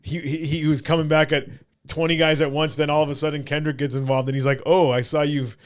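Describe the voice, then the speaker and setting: A man's voice: a little high, little pitch movement, fast talker. A man hosting a podcast in casual chat, joking and rambling. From Canada. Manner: joking, rambling, does mock voices. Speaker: podcast host.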